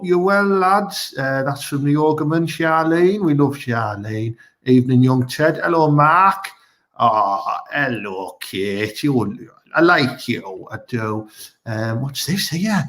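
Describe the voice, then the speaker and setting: Teesside bloke, raised pitch, rambling and crude, hosts a live stream from home. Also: male voice. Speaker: host of a live online comedy show.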